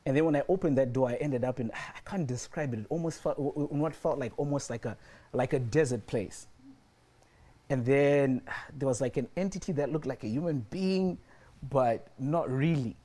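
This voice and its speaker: A man's voice: medium pitch, moderate pace, warm tone. A man preaching a sermon and telling a personal story, repeating his phrases for emphasis.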